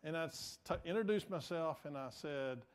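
A man's voice: a little high, normal speed, clear, resonant tone. A male pastor, telling a story in a conversational, self-deprecating sermon. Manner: conversational, self-deprecating, acts out quoted voices.

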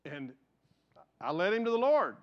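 A pastor preaches a sermon in an earnest, storytelling way. His voice sits fairly high for a man, and he swings between raised emphasis and hushed, quiet passages. The recording sounds dull and lo-fi. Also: big pitch swings, a little slow.

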